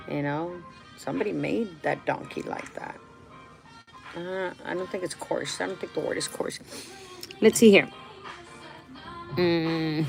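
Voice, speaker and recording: A woman's voice: fairly low pitch, vocal fry, poor audio. A middle-aged woman talking candidly and emotionally to her viewers, answering their questions in a rambling way. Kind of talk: casual heartfelt talk to viewers.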